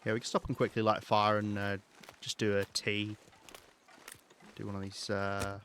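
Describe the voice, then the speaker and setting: A British man talks through a live game stream in a low, easygoing register. He thinks aloud in loose, rambling sentences full of ums and restarts. Faint noise hums underneath his voice. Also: level tone, normal speed, a bit bright. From Britain. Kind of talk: live gameplay commentary.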